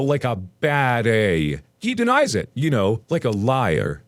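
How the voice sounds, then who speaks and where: A man reads online stories aloud, then wanders into rambling, self-deprecating asides. His voice sits a little high and swoops up and down expressively. The sound is dry and close. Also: no echo. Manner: rambling, self-mocking humor. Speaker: Reddit story reader.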